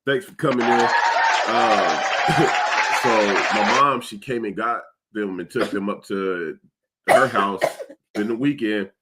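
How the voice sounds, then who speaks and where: Man podcast host with a very low voice, relaxed storyteller, laughs easily. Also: slow pace, over a noisy crowd, heavy background noise. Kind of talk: casual chat.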